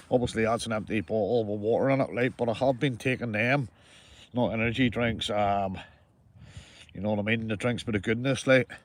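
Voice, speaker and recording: A man's voice: mid-range voice, fairly bright tone. A Northern Irish man livestreaming while fishing outdoors, chatting casually to viewers, swearing freely and calling them mate. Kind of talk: casual chat to live viewers. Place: outdoors by the water.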